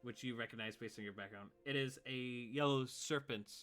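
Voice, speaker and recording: A man narrating as game master in a tabletop game, relaxed and loose with many fillers. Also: mid-range voice, moderate pace.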